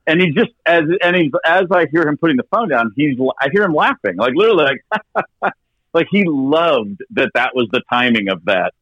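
A man in his fifties tells a story as an interview guest, his pitch swooping animatedly and the odd curse slipping in. The sound is dry and a little muffled, like lo-fi audio with no room around it. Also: normal speed, no echo. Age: 50s. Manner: animated storyteller, swears casually. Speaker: guest, rock drummer.

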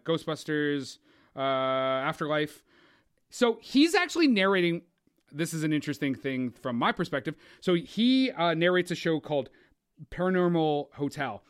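A man's voice: fairly high pitch, animated, normal speed, a bit bright, clear, resonant tone. A man co-hosting a casual movie podcast, rambling and cursing, often restarting his sentences. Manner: rambling, swears a lot, stumbles and restarts. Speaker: podcast co-host.

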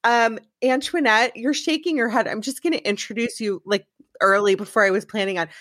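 A woman's voice: fairly high pitch, fairly quick, fairly bright tone, no echo, clean studio sound. A woman hosting a podcast, chatting casually and rambling with restarts. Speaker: podcast host. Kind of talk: casual chat.

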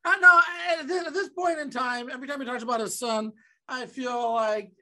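A man's voice: very high voice, fairly even intonation, fairly quick, pushed and bright. A man from Omaha co-hosting a podcast, chatting casually with an old friend and teasing him in easy banter. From Omaha, Nebraska. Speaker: podcast co-host. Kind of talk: casual chat.

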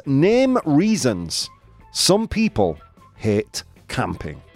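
Playful Yorkshire host, lively pitch. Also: male voice. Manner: playful, laughing, teasing the chat. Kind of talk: live-stream game show chat.

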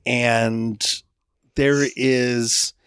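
A man's voice: mid-range voice, little pitch movement, extremely slow, smooth, no room sound, clean studio sound. Playful, joking man podcast co-host. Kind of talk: casual chat.

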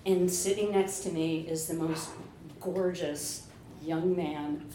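A woman's voice: low-pitched, steady tone, slow, warm tone. A woman telling a candid, profane personal story on stage, laughing often. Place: stage under bright lights. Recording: echoey live venue with ambient noise.

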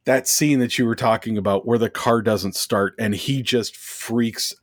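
A man's voice: mid-range voice, steady tone, measured pace, dry recording, studio quality. A man co-hosting a movie podcast, reading from his notes in a sarcastic, mocking way. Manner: reads from notes, many fillers. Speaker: podcast co-host. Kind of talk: casual movie review chat.

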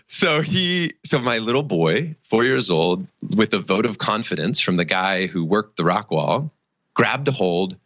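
A man's voice: fairly low pitch, animated, unhurried, fairly bright tone, no room sound. A middle-aged man, a charity founder and interview guest, telling a personal story and acting out the quotes.

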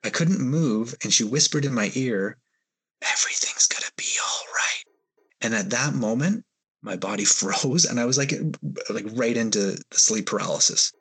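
Husky-voiced man telling a story. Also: medium pitch, expressive, moderate pace, fairly bright tone. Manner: hesitant, rambling retelling with fillers. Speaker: podcast guest. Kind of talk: storytelling in an interview.

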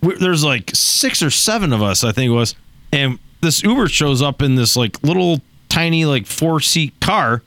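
A man's voice: a little high, expressive, moderate pace, fairly bright tone, dry recording. A man telling a rambling story in casual, profane chat.

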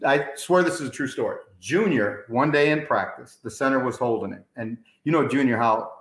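A man hosting a casual sports interview, an animated storyteller who swears his stories are true. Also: mid-range voice, a little fast. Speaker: podcast host. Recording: roomy echo.

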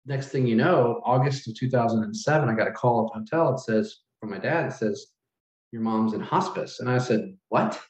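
A middle-aged man, a hotel manager, telling a personal story in an interview, earnest and halting, close to tears. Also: medium pitch, darkish tone. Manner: earnest, halting, with many restarts and fillers. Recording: roomy, dull lo-fi sound.

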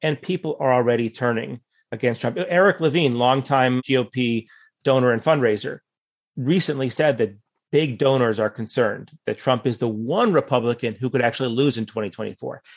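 Male guest commentator, mid-pitched, thinks aloud and hedges with "you know" asides. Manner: thoughtful, measured, hedging with asides. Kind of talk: conversational political analysis.

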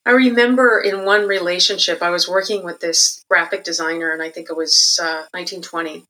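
A middle-aged woman recounts her past in a candid, reflective manner. Her voice sits a little low in pitch but rings bright and forceful, and she livens up whenever she quotes someone. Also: brisk, low-quality recording. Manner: candid and reflective, animated when quoting others. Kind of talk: personal storytelling interview.

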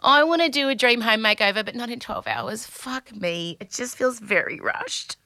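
A woman's voice: on the high side, sing-song, moderate pace, sharp tone, dry recording. A middle-aged Australian woman hosting a podcast, chatting candidly and anxiously and swearing freely. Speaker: podcast host. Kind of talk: casual podcast monologue.

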